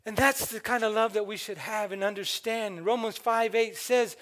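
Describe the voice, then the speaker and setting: A man's voice: sits high, fairly even intonation, moderate pace, a bit bright. An older man preaching a sermon, exhorting the congregation and calling out for amens. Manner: exhorting, calls for amens and asks the congregation questions.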